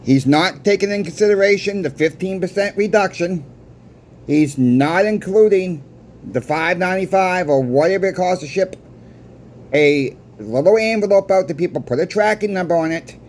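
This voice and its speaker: A man who runs a coin shop tells a story straight to his viewers in a casual vlog. His voice sits a little high, and he stumbles over and restarts his words as he goes. A faint hum of background noise runs underneath. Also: normal speed, a little mellow. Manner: stammers and restarts words while recounting a conversation.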